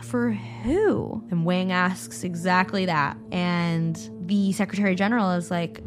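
A woman's voice: on the low side, measured pace, few pauses. A woman co-hosting a podcast, chatting casually as she recaps a sci-fi novel and laughs along. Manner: chatty, laughing, full of fillers. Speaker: podcast co-host. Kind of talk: casual chat, retelling a book.

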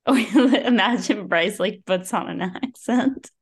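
A woman co-hosting a podcast, chatting casually about a book, joking and laughing a lot with deadpan asides. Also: medium pitch, takes it slowly, husky. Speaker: podcast co-host. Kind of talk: casual book review chat.

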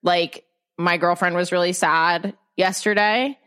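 A woman's voice: lowish voice, steady tone, unhurried, a bit bright, smooth. A woman chatting casually and candidly on a podcast, swearing freely and often restarting her sentences. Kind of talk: casual chat.

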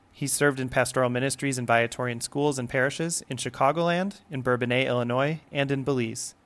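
A man's voice: mid-range voice, a bit bright. Man reading a formal podcast intro. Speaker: podcast host and producer. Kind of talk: scripted introduction.

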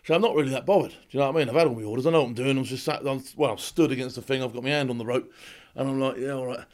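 A man, a former soldier, telling stories in a casual interview, animated and laughing as he acts out what others said. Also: medium pitch, racing. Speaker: podcast guest, former special forces soldier.

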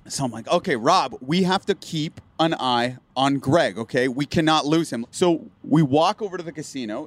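Lively young man telling a story. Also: fairly high pitch, noisy background. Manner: animated, acts out friends' lines while telling a story. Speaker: podcast co-host. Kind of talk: casual storytelling chat.

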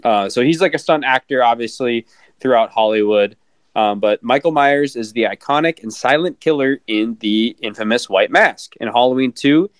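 A man of ordinary pitch hosting a relaxed film review chat. He stammers and repeats words as he goes, and swears casually. The recording is dry and close. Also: dry recording. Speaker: podcast co-host.

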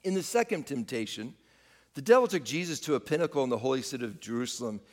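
A man's voice: medium pitch, lively intonation, fast, in a large hall. A man preaching a sermon, speaking straight to his congregation and rising and falling for emphasis. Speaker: pastor.

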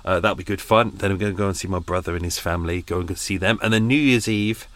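A man's voice: low-pitched, fast, fairly bright tone, dry recording. A man hosting a podcast, chatting unscripted and rambling, swearing and poking fun at himself. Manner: rambling, sweary, self-mocking. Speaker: podcast host. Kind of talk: unscripted casual monologue. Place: on a narrowboat in London.

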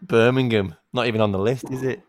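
A man's voice: medium pitch, fairly even intonation, fairly quick. A man from England co-hosting a podcast, dry and bossy as a judge. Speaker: podcast co-host. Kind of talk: casual chat.

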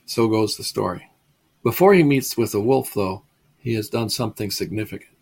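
A man's voice: lowish voice, normal speed, vocal fry, darkish tone, slight background noise. A man giving a storytelling lecture, chatty and digressive, chuckling at his own stories. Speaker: lecturer on mysticism.

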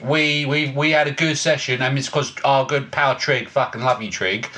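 A man's voice: medium pitch, moderate pace. A man co-hosting a podcast, telling stories in casual, sweary chat and acting out what people said. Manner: swearing, animated storyteller who acts out quotes. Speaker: podcast co-host.

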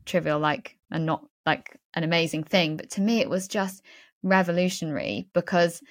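A woman's voice: on the low side, moderate pace. A woman hosting a podcast interview, speaking in a reflective, thoughtful way. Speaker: podcast host.

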